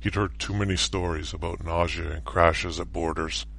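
Deep-voiced man narrating a story. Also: steady tone, moderate pace, gravelly, a bit bright. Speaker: story contributor. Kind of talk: read-aloud story narration.

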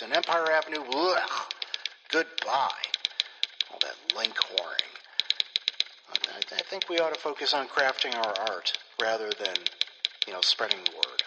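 A man hosting a weekly writing podcast, talking casually with wandering, self-deprecating asides. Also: medium pitch. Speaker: podcast host. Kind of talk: casual, rambling podcast talk. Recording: long hall reverb, loud hiss. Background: typewriter loop.

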